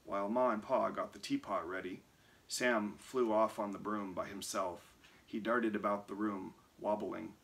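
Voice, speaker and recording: A man reading a children's picture book aloud, expressive and lively. His voice sits on the low side yet sounds bright and forceful. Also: a little slow, vocal fry. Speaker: reader.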